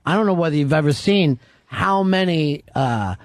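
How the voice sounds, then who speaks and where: A man's voice: fairly high pitch, expressive, moderate pace, no echo. A man hosting a radio talk show, teasing his crew in casual banter with many fillers.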